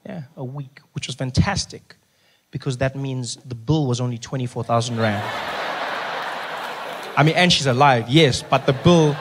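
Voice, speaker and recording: A young man with a South African accent doing animated stand-up comedy on stage, telling stories with playful voices. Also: medium pitch, moderate pace, background noise. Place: live venue with audience.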